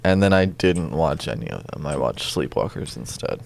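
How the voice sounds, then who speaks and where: Over gameplay, this podcast co-host trades dry jokes and wanders off on tangents in a casual chat. His bass voice is creaky and animated, moving at a normal speed.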